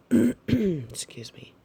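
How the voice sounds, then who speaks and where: A man shares a dream with his audience at an unhurried pace, pausing often on fillers and apologizing as he goes. His voice has a gravelly texture, and his delivery stays soft and hesitant. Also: high-pitched, sing-song. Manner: halting, soft-spoken, frequent fillers and apologies. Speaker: channel host sharing a dream. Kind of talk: casual spoken dream recounting.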